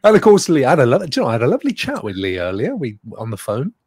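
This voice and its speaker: A husky West Country Englishman hosting a live stream, chatty and fond of putting on silly voices. His pitch swings widely and sits a touch high. The sound is dry and close. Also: wildly swooping pitch, rapid-fire, a little mellow, no room sound. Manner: chatty, playful, does funny voices. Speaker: host. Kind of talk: casual live-stream chat.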